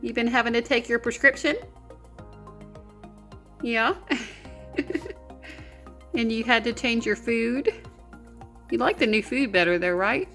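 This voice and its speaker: A woman's voice: fairly high pitch, measured pace, long pauses, pushed and bright, soft background music. A woman, hosting a crafting vlog at home in a bubbly, giggly way. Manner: bubbly, giggly, sweet-talking. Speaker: papercraft channel host. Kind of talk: casual vlog chat.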